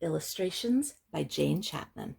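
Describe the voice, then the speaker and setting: A woman librarian reading a picture book aloud for children, slow and gentle, pausing to explain words. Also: deep voice, animated, vocal fry, slightly rough.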